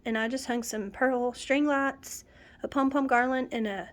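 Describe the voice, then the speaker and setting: A middle-aged woman talks through her decorated home in a chatty, homey way. She names the items one by one. Her voice sits a little high and sounds nasal and sniffly from a cold. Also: unhurried. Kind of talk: casual home tour narration.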